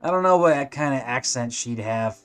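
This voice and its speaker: A man's voice: medium pitch, lively intonation, normal speed, clear, resonant tone, faint music behind. A man from California with a Californian accent, chatting casually while he draws, rambling with lots of likes and restarts. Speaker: animation streamer. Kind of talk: casual chat while drawing.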